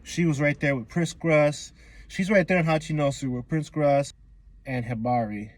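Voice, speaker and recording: A man's voice: fairly high pitch, normal speed, no echo. Slangy, profane man recapping a comic chapter. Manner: slangy and profane, laughing often. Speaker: manga review YouTuber.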